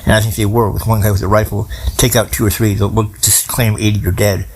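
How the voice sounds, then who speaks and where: A man's voice: fairly low pitch, level tone, quick pace, darkish tone, slightly rough. A man in his forties delivering a profane, rambling political rant in casual streetwise slang. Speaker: commentator.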